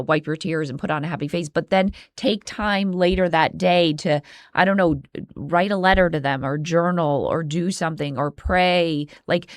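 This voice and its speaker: Woman co-host, lowish voice, earnest and halting, dry recording. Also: no room sound. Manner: earnest, halting, with restarts and fillers. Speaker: podcast co-host. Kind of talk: casual chat.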